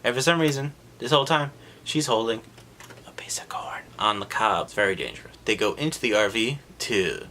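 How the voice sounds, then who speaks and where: Sarcastic man recapping a bad movie, bright voice. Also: medium pitch, a little hiss or hum. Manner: sarcastic, animated, mocks scenes with quick put-on voices.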